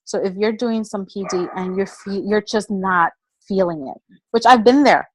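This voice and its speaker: A woman giving a personal motivational talk in an energetic, chatty storytelling manner. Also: medium pitch, normal speed, dry recording, rough recording. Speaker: motivational speaker.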